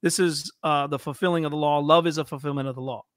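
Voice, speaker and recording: A man hosting a podcast, talking through theology in a thoughtful, halting way with many fillers. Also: a little high, fairly even intonation, fairly bright tone, no echo, clean studio sound. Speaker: podcast host. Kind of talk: casual theological discussion.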